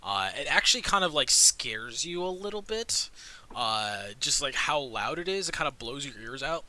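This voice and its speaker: A man's voice: medium pitch, very animated, normal speed, pushed and bright. A man narrating a tabletop game as game master, casual and full of fillers. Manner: casual, filler-heavy narration with frequent laughs.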